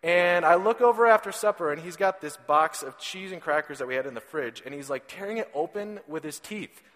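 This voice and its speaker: A man's voice: fairly high pitch, brisk, a bit bright. A man in his thirties preaching a sermon in a conversational storytelling way, often repeating a word as he starts a sentence. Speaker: pastor. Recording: reverberant hall.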